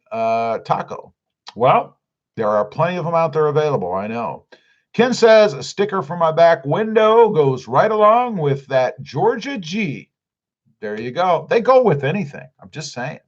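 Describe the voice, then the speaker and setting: A man's voice: on the high side, sing-song, unhurried, dull audio. A man hosting a casual livestream, reading out viewer comments and answering each one. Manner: reads viewer comments aloud and answers them. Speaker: livestream host reading chat.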